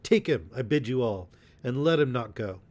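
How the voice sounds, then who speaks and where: A blustering sheriff with a commanding manner, shouting his orders high and hard, as a man reading a storybook aloud puts him on. He is a loud, officious lawman giving orders to his men. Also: animated, normal speed, lightly acted. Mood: angry. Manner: bellowing orders, raised pitch.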